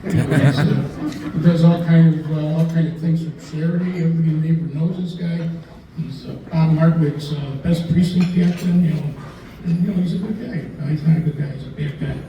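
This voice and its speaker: A man's voice: fairly high pitch, fairly even intonation, a little fast, lo-fi sound, noisy background. Older man telling stories in a roomy hall. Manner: rambling, chuckling, acts out quoted voices. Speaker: lawyer telling stories at a dinner talk. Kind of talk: anecdotal after-dinner storytelling. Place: dinner event in a restaurant room. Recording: distant, echoey room with faint ambience.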